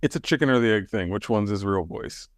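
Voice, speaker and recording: A man co-hosting a podcast, chatting casually and relaxed, often hedging with fillers. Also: on the low side, fast talker, no room sound, clean studio sound. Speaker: podcast co-host. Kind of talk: casual chat.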